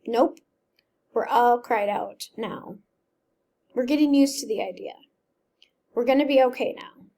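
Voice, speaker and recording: A woman's voice: fairly high pitch, a little slow, gravelly, warm tone. A woman reading aloud as an emotional fourteen-year-old boy, confused and tearful, in a plain reading voice with a slight emotional lift. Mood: calm.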